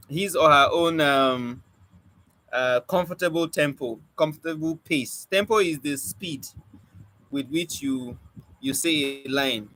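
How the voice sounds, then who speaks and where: A man teaches a spoken word poetry class, speaking in quick bursts with a stammer, drilling points and quizzing his students. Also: a little high, low-quality recording. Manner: animated teacher, asks the class questions and drills points by repeating them. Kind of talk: live online class lecture.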